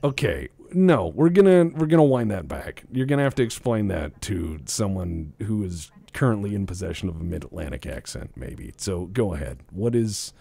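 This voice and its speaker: Low-ish guy chatting on a game stream, voice jumps all over, rambly and jokey, swears a lot. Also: very animated, normal speed, vocal fry, hardly any pauses, dark tone, slightly rough, no echo. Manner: rambling, joking, swears freely, lots of restarts. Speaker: streamer host. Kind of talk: casual gaming chat.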